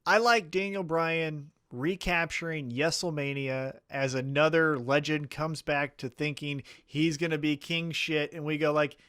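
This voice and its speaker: A man's voice: fairly high pitch, fairly even intonation, measured pace, hardly any pauses, a bit bright, clear, resonant tone, dry recording, clean studio sound. A man co-hosting a wrestling podcast in casual chat, talking with profanity and acting out mock quotes.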